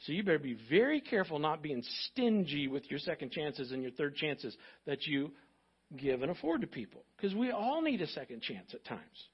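A man's voice: on the high side, sing-song, normal speed, husky, lo-fi sound. A man preaching a sermon as pastor, emphatic and repetitive, prompting the congregation to fill in notes. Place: church.

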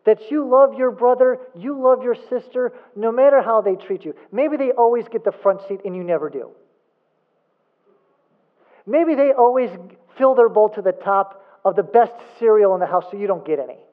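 A man's voice: high voice, animated, moderate pace. A man preaching a sermon as a pastor, emphatic, asking rhetorical questions and repeating points for emphasis. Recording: phone-like thin sound.

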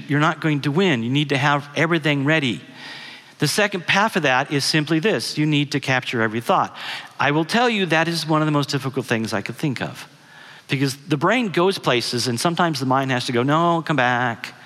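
A middle-aged man delivers a guest sermon, talking to the congregation like a friendly storyteller who stops to ask them questions. His voice sits a bit high and sounds bright. A long reverb from the hall trails after his words. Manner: conversational storyteller, asks the audience questions. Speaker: guest speaker.

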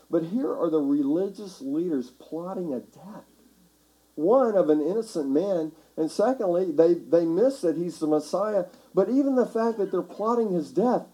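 Male pastor, mellow timbre, slightly high voice, conversational sermon delivery. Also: rough recording. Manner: conversational, builds to shouting for emphasis. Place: church sanctuary.

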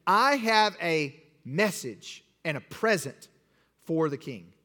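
A cunning male hero with a secret message, spoken slowly and solemnly in a bright, lively tone, as a man acts him out. The voice has a lilt. It rings through a large hall with a long echo. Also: fairly high pitch, full character voice. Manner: slow, deliberate, solemn delivery.

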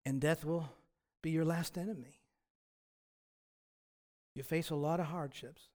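Reflective male pastor, slightly high voice. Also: steady tone, measured pace, darkish tone. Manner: reflective, conversational preaching with frequent restarts. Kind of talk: sermon.

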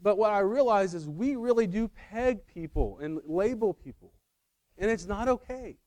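A man's voice: high voice, animated, normal speed, darkish tone, no room sound. Man preaching with a dry close sound. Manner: conversational, self-correcting, emphatic. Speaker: pastor. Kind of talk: sermon.

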